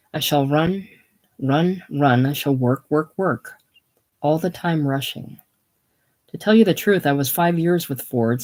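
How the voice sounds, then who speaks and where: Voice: mid-range voice, darkish tone, close to an everyday voice. A reader voicing Gus, an earnest, apologetic Austrian mechanic with a slight German accent, polite and eager to be welcomed. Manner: polite, eager, self-effacing.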